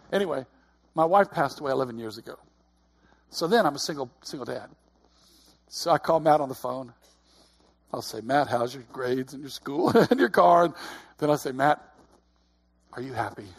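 A man's voice: medium pitch, creaky, husky. A man in his fifties preaching a sermon in a conversational way, with repeated calls of "Amen?" and laughing asides. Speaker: pastor.

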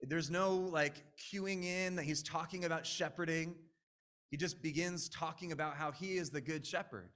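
A pastor preaching in an easygoing, earnest way, often restarting his sentences. His voice sits a bit high for a man and sounds bright and forceful. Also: moderate pace. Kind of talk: sermon.

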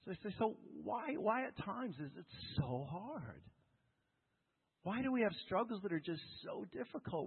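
A man preaching a sermon as a pastor, animated, often asking his listeners questions. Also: sits high, breathy edge. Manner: animated, asks the congregation questions. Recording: phone-like sound with long hall reverb.

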